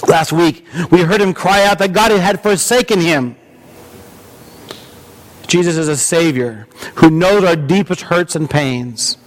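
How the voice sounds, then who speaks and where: A male pastor preaching a sermon in an earnest, measured way, with small restarts. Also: on the high side.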